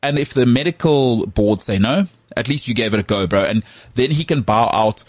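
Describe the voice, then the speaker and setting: A man co-hosting a podcast, talking football in an animated, joking way. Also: medium pitch, dry recording. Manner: animated, jokey, does quick impressions of others. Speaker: podcast co-host. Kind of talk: casual sports chat.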